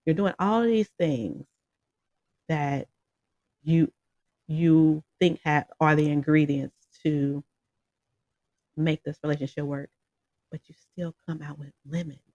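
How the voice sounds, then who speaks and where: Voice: mid-range voice, slow pace, pauses often, no room sound, muffled recording. A music reviewer talking casually and at length, rambling with lots of fillers and laughing often while addressing viewers directly. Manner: rambling and animated, with many fillers and frequent laughs; talks straight to viewers. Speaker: song reviewer. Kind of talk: casual spoken song review.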